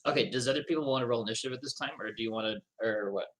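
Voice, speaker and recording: A man's voice: mid-range voice, rapid-fire, a bit bright. Easygoing man running a tabletop game. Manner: easygoing, lenient rulings. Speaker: game master.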